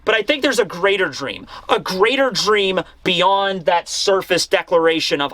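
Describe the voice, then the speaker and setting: Young man, casual manga review, animated, high bright voice, dry sound. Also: moderate pace, few pauses, dry recording. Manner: animated, acting out scenes.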